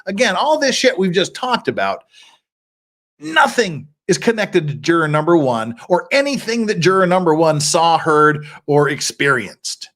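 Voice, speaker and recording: A man's voice: fairly high pitch, big pitch swings, a little slow, fairly bright tone. A middle-aged man hosting a legal commentary stream, reading court filings aloud with sarcastic, wry asides.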